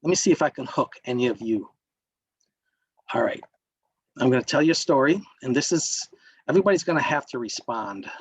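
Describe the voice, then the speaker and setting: A man's voice: medium pitch, animated, brisk, long pauses, husky, dry recording, low-quality recording. A man leading an interactive wellness workshop, lecturing and putting questions to the group. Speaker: workshop instructor.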